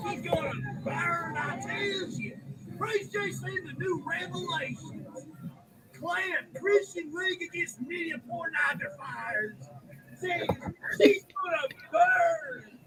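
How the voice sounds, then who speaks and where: A man voicing a fanatical preacher who shouts and wails about sinners burning. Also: very high voice, animated, slow, background noise, voice pushed up, heavily acted. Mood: fanatical ranting. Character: ranting hellfire preacher, fanatical older man.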